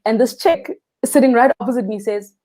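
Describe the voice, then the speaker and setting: A South African freediving instructor, appearing as a guest in a casual interview, tells a story animatedly, acting out quotes and laughing often. Her voice is fairly high and mellow, and she speaks briskly.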